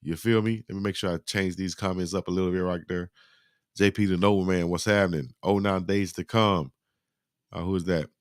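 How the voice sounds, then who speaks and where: A man hosting a live football highlight reaction, giving animated, slangy play-by-play and talking to his chat. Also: brisk, dry recording, clean studio sound. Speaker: sports reaction host.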